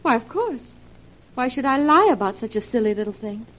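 An actress playing a nervous, frightened young wife in an old radio drama, breathless and pleading, on a dull lo-fi recording. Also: female voice, fairly high pitch, very animated, a little fast, a bit bright. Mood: anxious, soft. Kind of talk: 1940s radio acting.

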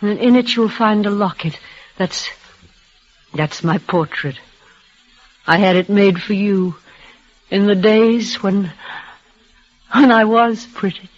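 Marguerite, a tremulous dying young woman. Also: mid-range voice. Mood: resigned. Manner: breathless, tremulous, halting. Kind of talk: vintage radio drama acting. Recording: dull old radio recording.

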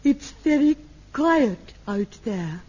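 A woman's voice: high-pitched, animated, slow, mellow. An actress playing an earnest amateur performer who reads her romantic lines stiffly, like stage melodrama. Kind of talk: stiff melodramatic line reading. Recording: lo-fi noisy old TV recording.

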